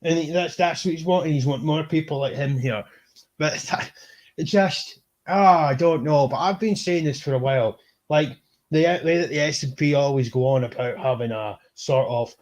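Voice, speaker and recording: A man's voice: a little high, normal speed. A man hosts a casual chat podcast with a slightly raised voice. He rambles through his points, restarts sentences and breaks into laughter easily. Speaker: podcast host.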